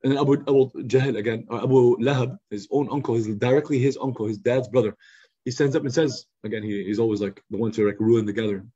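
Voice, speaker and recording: Homem de fala rápida e rouca. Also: male voice, medium pitch, quick pace, breathy edge. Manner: lively, conversational, acts out quotes. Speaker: youth study circle teacher. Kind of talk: casual storytelling lesson. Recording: slightly muffled lo-fi recording.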